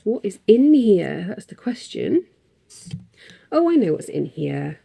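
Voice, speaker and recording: Husky, low-toned woman chatting about crafts. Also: sing-song, takes it slowly, dark tone. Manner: chatty and rambling, with frequent ums and little laughs. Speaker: craft vlogger. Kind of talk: casual chat.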